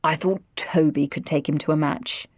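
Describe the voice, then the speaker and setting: A woman's voice: low voice, steady tone, normal speed, a little mellow, no room sound, studio quality, pitched below the performer's own voice. A woman voicing an exasperated middle-aged father who speaks in clipped, firm tones. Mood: stern.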